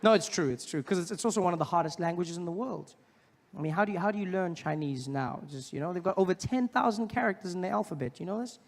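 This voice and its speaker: A man doing stand-up comedy, animated and slipping into exaggerated character voices. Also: high voice, in a large hall. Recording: live stand-up with audience noise.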